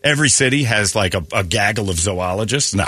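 A man's voice: fairly low pitch, fairly quick, heavy background noise. A man hosting a radio morning show, bantering and telling stories in a casual, comedic way. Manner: animated storyteller, slips into voices. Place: radio studio.

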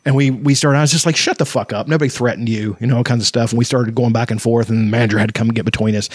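A man's voice: mid-range voice, level tone, racing, slightly rough, dry recording. Guy shooting the breeze, cussing a lot, rambling and laughing, dry close sound. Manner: swears a lot, rambling stories, laughs often. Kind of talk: casual profane chat.

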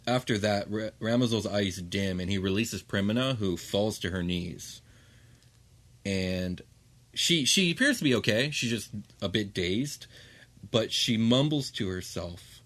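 Low-voiced man narrating a tabletop game. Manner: relaxed narration with frequent "um" pauses. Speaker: game master.

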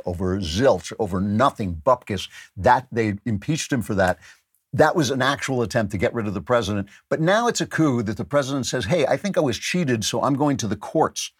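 A man's voice: fairly low pitch, breathy edge, no echo, studio quality. A male podcast host giving emphatic, sardonic political commentary, repeating phrases for stress.

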